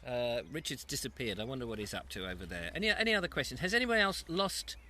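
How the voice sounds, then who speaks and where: A man's voice: medium pitch, big pitch swings, fast, bright, forceful tone, slight background noise. A man hosting a casual live stream at an allotment, chatting and reading out viewer comments between mouthfuls. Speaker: host. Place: outdoors at an allotment. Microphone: lapel mic.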